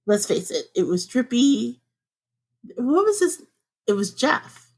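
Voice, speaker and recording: A woman's voice: slow pace, slightly rough. A woman co-hosting a podcast from home, chatting casually and laughing often. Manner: chatty and laughs often, with lively swings up in pitch. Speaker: podcast co-host.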